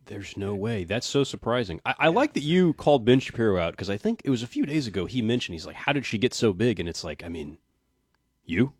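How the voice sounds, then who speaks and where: A man's voice: lowish voice, big pitch swings, a little fast, husky, no room sound, studio quality. A man chatting casually as a guest on a talk radio show. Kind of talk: casual chat.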